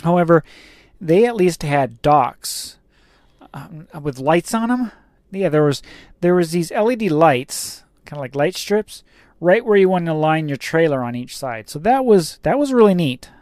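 A chatty male trucker rambles through a story about his day, swearing now and then. His voice sits a little high for a man. The recording is very dry and close, with no room sound. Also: lively intonation, measured pace, darkish tone, no room sound. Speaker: truck driver. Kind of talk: casual vlog storytelling.

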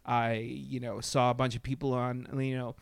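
A man in casual podcast chat, talking in a profane, animated way, with many fillers and restarts. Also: mid-range voice, normal speed, vocal fry, smooth, no room sound, studio quality. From Latin America.

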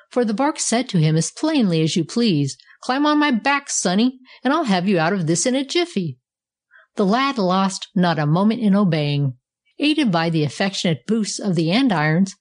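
A woman narrating a storybook with a measured, expressive reading style. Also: medium pitch.

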